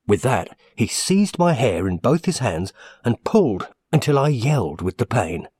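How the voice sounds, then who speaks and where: A man reading a classic story aloud in the first person, measured and expressive. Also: mid-range voice, slightly rough, no echo, studio quality. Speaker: audiobook narrator.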